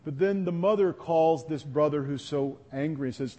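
A man delivering a sermon, speaking earnestly and conversationally to his listeners. His voice sits a little high for a man and has a husky grain to it. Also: normal speed, few pauses, darkish tone. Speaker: pastor.

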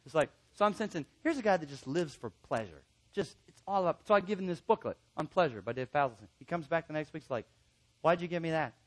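A man teaching a class of counselors in an animated way, repeating key points for emphasis and acting out quoted remarks. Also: a little high, quick pace, hardly any pauses. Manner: emphatic repetition. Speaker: counseling instructor.

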